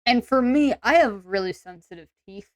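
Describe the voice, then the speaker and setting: A woman streamer talks casually and rambles with lots of fillers. Her voice is smooth and clear, at a middle pitch, recorded dry and close. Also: lively intonation, moderate pace, no room sound. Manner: chatty and rambling, many "like" and "um" fillers.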